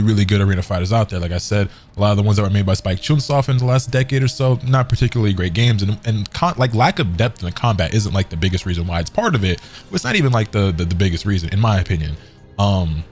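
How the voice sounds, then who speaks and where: A man reading a gaming article aloud and commenting on it in casual, rambling speech, with hiccups. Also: lowish voice. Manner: casual, filler-heavy rambling.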